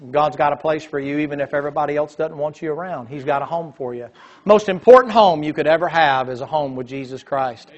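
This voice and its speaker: A man preaching a sermon, telling folksy stories and building to emphatic, loud passages. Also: fairly high pitch, fairly quick.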